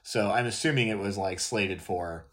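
A man's voice: fairly low pitch, normal speed, crowd noise. A man on a podcast, chatting casually about a film, laughing easily and saying "like" a lot.

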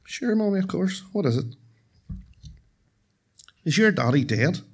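Guy doing his old mammy, high fussy voice, worried and muddled. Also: very animated, unhurried, husky, exaggerated voice. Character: elderly mother with dementia, confused and worried.

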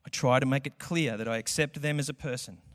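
A man's voice: medium pitch, fast talker. A man preaching a sermon in a church, conversational and acting out quotes. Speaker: pastor. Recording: echoey hall with long reverb.

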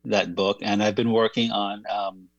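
A man co-hosting a radio talk show, chatting in a thoughtful, self-deprecating way with many halting restarts. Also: on the low side, little pitch movement, no room sound, highs cut off. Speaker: radio show co-host and writer. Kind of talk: casual chat.

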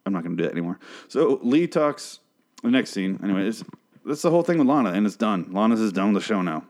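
Rambling, sarcastic low-voiced man. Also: big pitch swings, quick pace, a little mellow. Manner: rambling, sarcastic, swears a lot. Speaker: show recap host. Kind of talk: casual profane TV recap.

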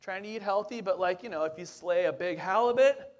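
A man's voice: high-pitched, brisk, dull audio. A lead pastor in his forties preaching a casual sermon, chatty and upbeat, talking straight to the congregation with plenty of fillers and asides.

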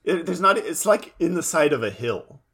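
A man's voice: fairly high pitch, animated, normal speed, a bit bright, husky. A man co-hosting a podcast in casual chat, adding dry, sardonic remarks. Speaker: podcast co-host.

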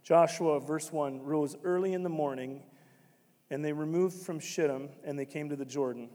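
A man preaching a sermon as pastor, swinging from quiet, conversational stretches to sudden loud, emphatic shouts. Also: a little high, normal speed, long reverb tail.

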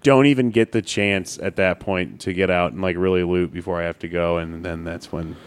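Podcast co-host, male, low-pitched, swears, tells stories with gusto. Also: brisk, clear, resonant tone. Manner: storytelling, animated, swears. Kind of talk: casual chat.

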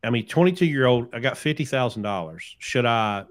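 Man telling animated trucking stories. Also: medium pitch, normal speed. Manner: animated anecdote-telling, acting out quoted people. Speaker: podcast host, trucking business owner. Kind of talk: casual chat, storytelling.

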